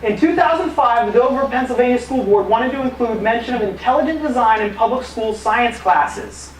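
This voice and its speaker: A man, an apologetics teacher, giving a live conference talk in lively, casual storytelling style with acted quotes and fillers. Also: extremely high pitch, moderate pace. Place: museum conference room. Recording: echoey room, distant mic, faint noise.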